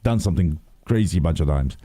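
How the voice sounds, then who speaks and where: A man in a casual podcast chat who rants in long, rambling, profane runs. His voice is mellow and dark, yet his pitch swings widely. It sounds dry and close to the mic. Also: fast, no room sound. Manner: profane, rambling, animated rant with lots of fillers. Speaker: podcast co-host.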